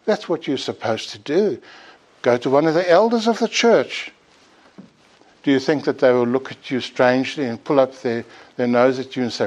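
A man's voice: mid-range voice, normal speed, darkish tone. A man preaching a sermon, earnestly urging his listeners and pleading with rising emphasis.

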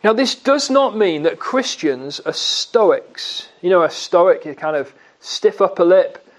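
A man preaching a sermon, asking his listeners questions and answering them himself, and slowing down to stress key words. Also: high voice, lively intonation. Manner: slow, emphatic delivery on key words.

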